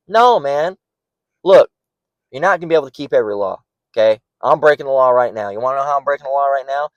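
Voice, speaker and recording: A man delivers informal scripture teaching in an emphatic, blunt way, mocking the views he argues against. He keeps checking in with his listeners as he goes. The sound is dry and close, with no room echo. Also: fairly high pitch. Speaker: bible teacher. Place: near a parking lot.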